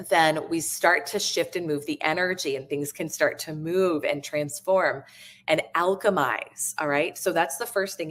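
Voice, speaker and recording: A woman hosting a podcast, giving a reflective, earnest motivational talk from a live stream, with many fillers and restarts. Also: on the low side. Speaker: podcast host and business coach.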